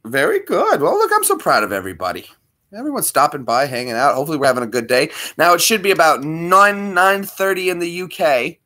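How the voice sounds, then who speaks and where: A man's voice: fairly high pitch, pushed and bright. A man chatting casually with viewers while streaming a game, rambling and friendly. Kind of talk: casual livestream chat.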